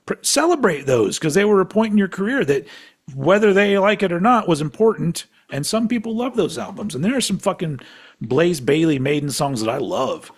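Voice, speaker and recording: A man's voice: high voice, sing-song, a little fast, husky. A man co-hosting a casual podcast, rambling off on tangents, swearing freely and laughing often as he talks. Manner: laughs often while talking. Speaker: podcast co-host.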